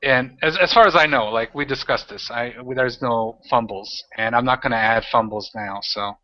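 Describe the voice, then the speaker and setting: A man narrating as game master of a tabletop role-playing game, talking in halting, rambling bursts with many restarts. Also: mid-range voice. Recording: dull lo-fi audio.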